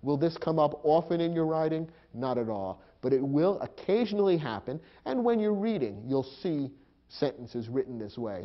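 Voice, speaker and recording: A man's voice: medium pitch, highs cut off. A man teaching a grammar lesson, explaining punctuation rules step by step and spelling out marks aloud. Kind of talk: recorded lecture.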